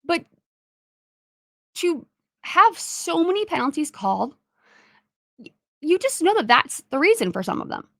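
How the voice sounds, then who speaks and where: A woman host recapping a hockey game in a chatty, animated way, full of fillers and asides. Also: very high-pitched, unhurried, creaky, pauses often, no echo, clean studio sound. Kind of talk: casual solo game recap.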